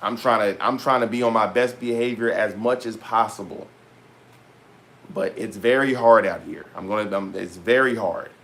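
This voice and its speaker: A man's voice: fairly low pitch, fairly bright tone. Loose, rambling man vlogging. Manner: loose, rambling, slangy, many pauses. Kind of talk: casual talk to camera.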